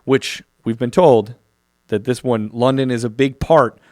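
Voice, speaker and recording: A man's voice: mid-range voice, fairly even intonation, measured pace, darkish tone, no echo, clean studio sound. Thoughtful rambling male podcast co-host. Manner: thoughtful, rambling, with many fillers and restarts. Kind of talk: casual chat.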